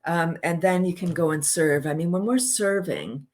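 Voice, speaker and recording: A woman speaks as a podcast guest with a somewhat low voice. She talks with passion, building her points with lots of fillers. The delivery is eager and conversational. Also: moderate pace. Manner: enthusiastic, passionate, filler-heavy. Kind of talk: casual interview chat.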